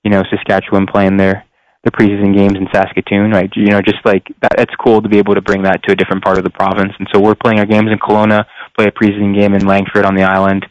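A young man speaks as a radio guest in an earnest, searching way, his voice low and smooth with an even, flat delivery. The sound is dry and a little dull, as on a lo-fi line. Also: fast, dry recording. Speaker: professional football player.

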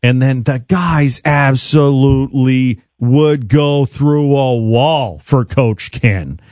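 A man hosting a sports talk radio show, interviewing a guest in a relaxed, easygoing, teasing way. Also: medium pitch, slow pace, no room sound, studio quality. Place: radio studio. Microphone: studio mic.

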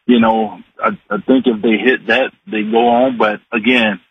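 A man in his 40s, a regular guest who comments on sports and recipes, calls in to a radio show for a casual, folksy, rambling chat full of fillers. His voice sits on the low side with a breathy edge, fairly even intonation, and normal speed. It comes through a tinny phone line with faint hiss, otherwise dry.

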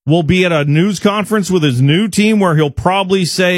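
A man's voice: high voice, brisk, dry recording, studio quality. Emphatic male sports radio host. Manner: emphatic, indignant, restarts mid-sentence. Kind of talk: opinionated sports talk.

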